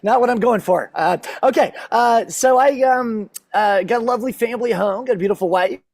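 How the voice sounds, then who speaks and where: Gravelly, husky stand-up comic. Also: male voice, very high voice, fairly quick, a little mellow, no room sound, clean studio sound. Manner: chatty, self-deprecating, works the crowd. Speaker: stand-up comedian. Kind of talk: stand-up comedy set. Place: stage in a comedy venue.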